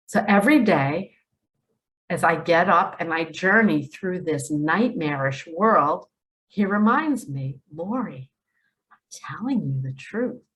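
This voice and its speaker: A middle-aged woman delivers an earnest spiritual monologue, slow and emphatic. Her lively pitch swings widely, and she sits on a fairly low register for a woman. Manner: emphatic, pleading, slow and drawn out, drops to a hush for quoted words. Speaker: spiritual video host. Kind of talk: earnest direct-to-camera monologue.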